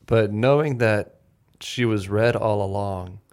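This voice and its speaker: A man co-hosting a podcast, chatting casually about a film in animated bursts with restarts. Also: on the low side, takes it slowly, clear, resonant tone. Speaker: podcast co-host. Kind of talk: casual film-discussion chat.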